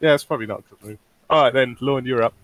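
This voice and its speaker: A man's voice: mid-range voice, very fast, fairly bright tone. A young man as a player, chatting casually and joking between moves in a tabletop game. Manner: jokey, rambling, laughs at own jokes.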